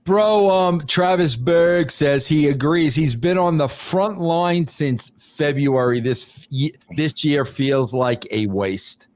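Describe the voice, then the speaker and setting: A man's voice: on the high side, a little mellow, no room sound. Laid-back man in a dry recording. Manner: laid-back, drawn-out, says bro a lot. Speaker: podcast host. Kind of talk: casual chat, reading out viewer messages.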